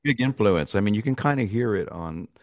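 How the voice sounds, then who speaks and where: A man being interviewed as a musician, speaking haltingly with many fillers, in his morning voice just after waking. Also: lowish voice, lively intonation, no room sound. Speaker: musician guest. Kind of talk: casual interview chat.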